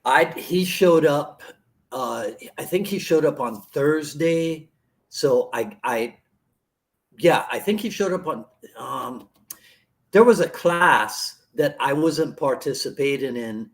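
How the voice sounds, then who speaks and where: A man's voice: a little high, animated, slow pace. A man hosting a podcast, easygoing and telling stories in casual chat. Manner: easygoing, storytelling. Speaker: podcast host.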